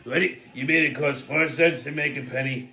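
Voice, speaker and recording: A man's voice: mid-range voice, normal speed, creaky, pushed and bright, pitched below the performer's own voice. A man doing a comedic impression of a blunt, boastful male president who talks in short, dismissive, repetitive phrases. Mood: scoffing.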